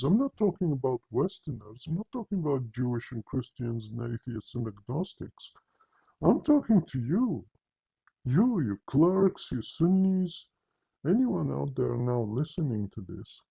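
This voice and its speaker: A man's voice: a little high, big pitch swings, unhurried, creaky, dark tone, husky, poor audio. A man giving a confrontational religious commentary, addressing listeners directly with emphatic, repetitive phrasing and frequent restarts. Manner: frequent restarts and repeated words. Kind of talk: polemical monologue to camera.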